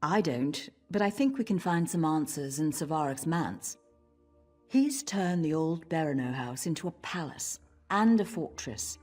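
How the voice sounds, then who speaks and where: An actress voicing a stern dark elf woman who serves as a tower steward in a video game, speaking in a measured, formal way. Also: deep voice, animated, soft background music. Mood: grave. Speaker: game character.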